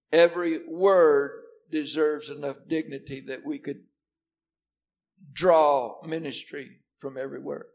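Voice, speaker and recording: Gravelly guy preaching in church, goes loud then quiet, repeats himself. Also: on the high side, steady tone, unhurried. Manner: preaching with sharp swings between loud and hushed; repeats and restarts words when stressing a point. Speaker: pastor. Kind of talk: sermon. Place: church service before a seated congregation.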